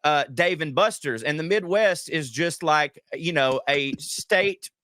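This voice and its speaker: A man's voice: on the high side, unhurried, dry recording, clean studio sound. A man with a Southern US accent, a comedian guest chatting casually and joking as he rambles through stories. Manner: joking, rambling, animated storyteller. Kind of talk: casual talk-show chat.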